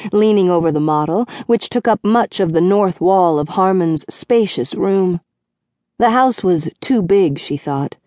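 Woman narrator, scripted narration, slow pace, mellow tone. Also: fairly low pitch, no echo, clean studio sound. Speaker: audiobook narrator.

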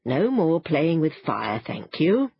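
Woman as wry father, low, soft, breathy. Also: sing-song, takes it slowly, no echo, highs cut off, full character voice. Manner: mild, wry. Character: dry, mild father.

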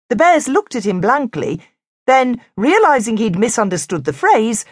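Animated woman reading a kids' story. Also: a little high, a little slow, dry recording, studio quality. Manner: animated, expressive. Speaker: audiobook narrator. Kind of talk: children's storybook narration.

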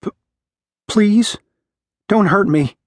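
A frightened young mother begs in a high, strained voice, as a man puts her on. Her words come breathless and pleading, delivered in a dry, close audiobook read. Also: normal speed, no echo, lightly acted.

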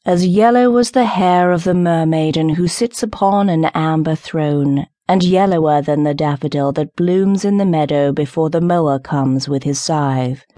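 Brief: woman voicing a grave rose tree, slow and measured, low mellow voice, dry studio read. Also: no echo, natural voice. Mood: calm. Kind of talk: audiobook character reading.

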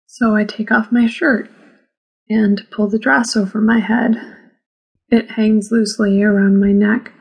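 Woman, audiobook narrator, first-person memoir, measured delivery, husky tone. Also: medium pitch, flat delivery, rough recording. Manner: slow, measured reading.

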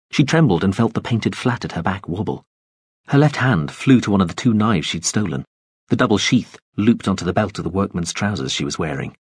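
A male audiobook narrator with a low, husky voice, reading in a measured, expressive way. His delivery moves through a lively range of pitch, and the sound is close and dry. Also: dry recording. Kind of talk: scripted narration.

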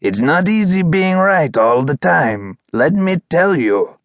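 A man voicing a proud, excited male dog who boasts about always being right. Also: on the high side, slow, no room sound, clean studio sound, voice pushed up, heavily acted. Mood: boastful.

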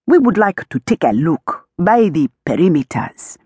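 A woman voicing a formal, stiff middle-aged male police chief in an audiobook, with a measured, official manner and a lowered voice. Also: sing-song, darkish tone, husky, no echo, clean studio sound, full character voice. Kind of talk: audiobook character voice.

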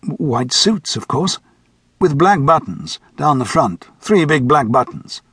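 A man's voice: a little high, big pitch swings, slow, fairly bright tone, husky, no echo, clean studio sound, heavily acted. Man voicing a bewildered fifties banker. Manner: puzzled, wary, matter-of-fact. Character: bewildered male banker in his fifties, seeing things. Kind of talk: audiobook character voice.

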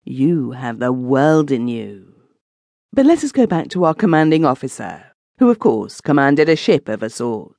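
A woman voicing a thoughtful man who tells a grim tale in a measured, sober way. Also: very deep voice, very animated, warm tone, no room sound, exaggerated voice. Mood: musing.

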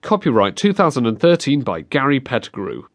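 Expressive male audiobook narrator. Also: medium pitch, brisk. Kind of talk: scripted narration. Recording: dry close studio sound.

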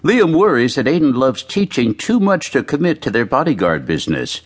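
A male audiobook narrator reading a novel in a lively way, with his pitch rising and falling a great deal. His voice sits at an ordinary middle pitch. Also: moderate pace, husky. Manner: expressive, varied reading.

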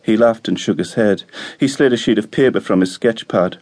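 A man narrates an audiobook in a calm, measured storytelling voice. His pitch sits on the lower side.

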